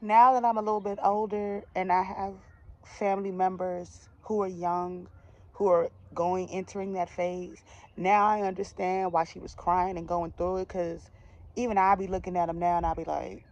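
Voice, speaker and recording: A woman's voice: on the low side, flat delivery, normal speed, darkish tone. A young woman from the DMV area telling a personal storytime to her viewers in a chatty, slangy way with laughing asides. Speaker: vlogger. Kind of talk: casual storytime.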